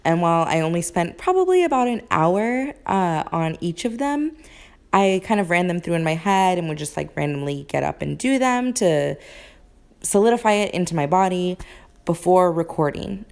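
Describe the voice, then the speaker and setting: A young woman who performs in musical theatre films a chatty, upbeat behind-the-scenes home vlog full of filler words. Her voice is low-ish, smooth and darkish, with vocal fry and an animated, moderate pace. She records on a phone camera that is sometimes placed far away.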